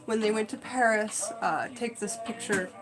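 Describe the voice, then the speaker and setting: A woman's voice: mid-range voice, steady tone, moderate pace, music in the background, poor audio. A woman chatting casually on a live stream, rambling with lots of fillers. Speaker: livestream host.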